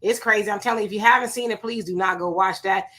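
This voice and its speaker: A fast-talking woman with a mid-range, somewhat bright voice hosts a laid-back livestream while sweating. She greets viewers by name and chats about what they've commented, using rhetorical questions and asides.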